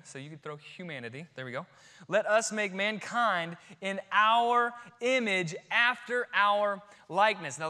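A man in his thirties, a pastor preaching a sermon, swinging from quiet, slow emphasis to near-shouting. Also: sits high.

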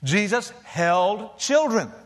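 High-voiced folksy preacher. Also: male voice, slow pace. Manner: lively, folksy, swinging between loud emphasis and soft hushed lines. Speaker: pastor. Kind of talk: sermon. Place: large church auditorium.

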